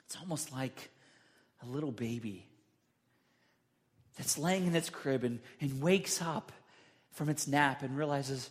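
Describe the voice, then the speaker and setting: A man preaching a sermon, acting out the people's words with sudden jumps in pitch and loudness. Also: measured pace, long pauses. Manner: dramatic, acts out quotes with big pitch jumps. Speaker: pastor.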